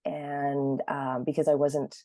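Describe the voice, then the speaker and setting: A woman in her thirties with a low, mellow voice recounts her experience in a relaxed interview. She talks casually and animatedly, slipping into lively quoted voices, and the recording sounds dry and close. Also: slow pace, dry recording. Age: 30s. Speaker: interview guest.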